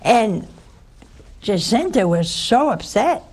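A woman's voice: on the high side, big pitch swings, slow, a little mellow, breathy edge, low-quality recording. An older woman, a religious sister, giving a spiritual talk full of personal stories and rhetorical questions to her listeners.

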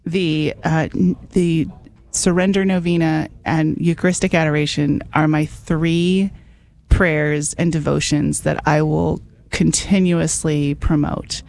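A woman hosting a radio show, talking quickly and enthusiastically as she urges listeners to call in. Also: deep voice, steady tone, vocal fry, darkish tone, dry recording. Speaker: radio host. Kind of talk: fundraising radio talk.

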